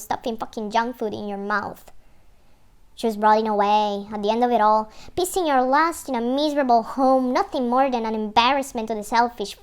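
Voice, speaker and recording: A woman's voice: a little high, smooth, close to an everyday voice. A woman playing a bitter young man who rants scornfully, swearing through a list. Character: bitter, sneering young male rebel ranting.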